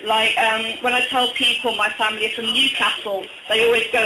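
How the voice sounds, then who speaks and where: A male comic from Durham, England, with a slight northern accent and a strikingly high voice, runs a brisk stand-up set of deadpan one-liners broken up by hesitant ums. It was captured on a phone from the audience in a small indoor bar, so the sound is roomy and echoey with clear bar noise behind him.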